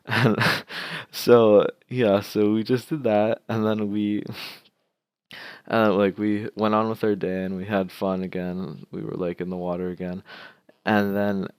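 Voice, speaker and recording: A man's voice: on the low side, level tone, moderate pace, darkish tone, clean tone, dry recording. A young man telling a prank story to his viewers, casual and rambling, laughing as he goes. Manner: laughing, rambling with many fillers. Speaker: vlogger.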